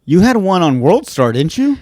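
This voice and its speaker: A man's voice: sits high, very animated, normal speed, a little mellow, dry recording, studio quality. A man co-hosting a podcast, chatting casually and asking follow-up questions. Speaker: podcast co-host. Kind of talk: casual chat.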